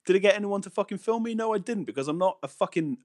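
A man's voice: high voice, animated, fast talker, darkish tone. Sweary ranting podcast guy. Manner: sweary, ranting, laughs often. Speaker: podcast co-host. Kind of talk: casual comedy podcast chat.

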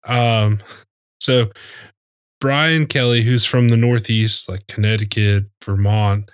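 A man's voice: fairly low pitch, fairly even intonation, slow pace, clean tone, no room sound, studio quality. A man co-hosting a casual sports talk show, joking and rambling with lots of fillers. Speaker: podcast co-host.

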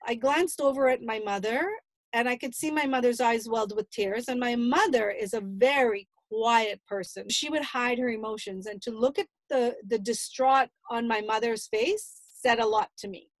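A woman's voice: on the high side, moderate pace, dry recording. A middle-aged mother recounting an emotional family story, replaying her own past dialogue at length. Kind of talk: personal storytelling.

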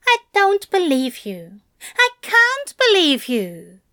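A woman voicing a tender, self-doubting male angel in a fan fiction reading, pushing her voice much higher. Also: wildly swooping pitch, slow, pushed and bright, full character voice. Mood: bashful, tender.

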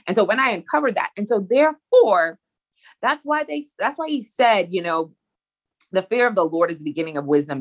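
Husky woman giving casual bible teaching. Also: lowish voice. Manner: animated, conversational, acts out quoted exchanges. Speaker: podcast host.

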